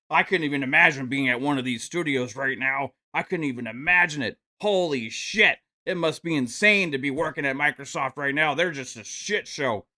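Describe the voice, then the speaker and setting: A man's voice: on the high side, normal speed, few pauses, bright, forceful tone. A man hosting a gaming podcast stream, ranting profanely and mocking with sarcasm. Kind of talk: ranting live stream commentary.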